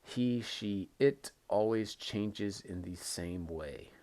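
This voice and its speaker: A man with a fairly low voice leads a recorded English lesson. He talks patiently and keeps repeating the key phrases, leaning on them for emphasis. He sounds like a teacher walking students through the basics. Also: slow, dark tone.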